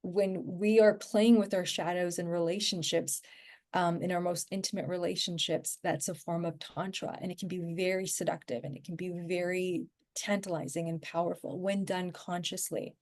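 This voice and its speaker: A woman's voice: on the low side, flat delivery, normal speed, a little mellow. A woman talking as a podcast guest in a casual, rambling way, full of fillers and restarts. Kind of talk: casual conversational podcast chat.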